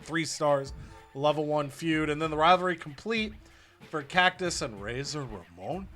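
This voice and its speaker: Bright excitable man recapping wrestling games. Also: on the high side, normal speed, soft background music. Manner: excitable, recapping results with bursts of loud laughter. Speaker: host. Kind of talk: casual gaming commentary.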